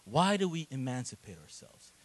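A middle-aged man, a guest pastor, preaching a sermon and addressing the congregation directly with frequent "right?", rising to shouts at the high points. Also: moderate pace, low-quality recording. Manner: animated, rising to shouts at peaks.

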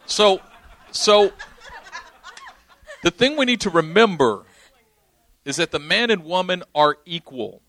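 A man's voice: sits high, lively intonation, slow pace, pauses often, fairly bright tone, no echo. A young man preaching, teaching emphatically and often checking that his listeners follow. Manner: emphatic, explanatory, checks understanding. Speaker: pastor. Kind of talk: sermon teaching.

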